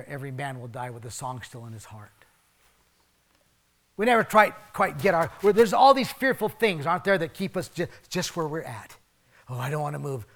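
A man preaching a sermon in a conversational way, swinging from emphatic bursts down to soft, hushed asides. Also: fairly high pitch. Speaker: pastor.

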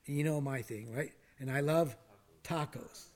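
A male pastor preaching a sermon, dropping to hushed whispers and then rising to loud, emphatic declarations, and asking the congregation to say lines with him. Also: fairly high pitch, measured pace. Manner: invites the congregation to speak along.

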